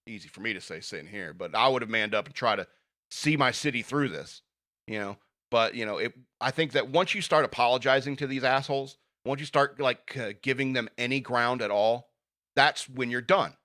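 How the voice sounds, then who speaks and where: A man's voice: mid-range voice, sharp tone. A man hosting a podcast, reading news stories aloud and giving blunt, sarcastic opinions with frequent fillers. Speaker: podcast host.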